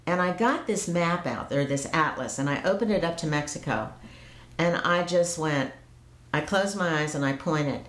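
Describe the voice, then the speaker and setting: A woman with a low voice recounts her personal visions, hesitant and reflective, often restarting her sentences. The recording carries a noticeable roomy echo. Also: normal speed. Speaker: storyteller recounting mystical experiences. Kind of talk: personal storytelling to camera.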